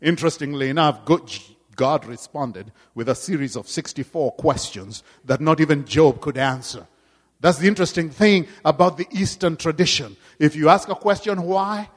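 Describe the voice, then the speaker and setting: A man preaching a sermon with great dynamic swings, dropping to hushed tones and rising to loud cries. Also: fairly high pitch. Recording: long hall reverb.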